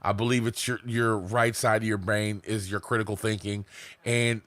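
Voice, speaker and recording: A man's voice: fairly low pitch, flat delivery, normal speed, a bit bright, dry recording. A man coaching beginner marketers in a casual, rambling, profane way, often mocking himself. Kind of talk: casual teaching to camera.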